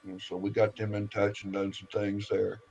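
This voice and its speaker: A man's voice: lowish voice, completely flat delivery, moderate pace, gravelly, a little mellow, dull audio. A man on a live stream telling a long rambling story in casual chat, acting out the voices of the people in it and swearing as he goes.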